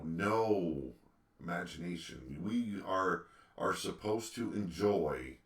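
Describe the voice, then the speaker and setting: A man's voice: lowish voice, a bit bright. A man hosting a solo opinion podcast, ranting with emphatic rhetorical questions. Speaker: podcast host. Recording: echoey room, distant mic.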